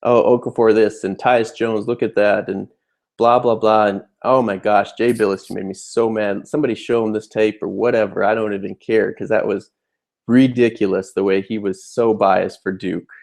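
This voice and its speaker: Young guy ranting about a basketball game, low voice w some fry, lots of ums and restarts. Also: steady tone, moderate pace, a little mellow. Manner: fired-up, rambling, many fillers. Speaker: sports fan vlogger. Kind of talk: casual game recap rant.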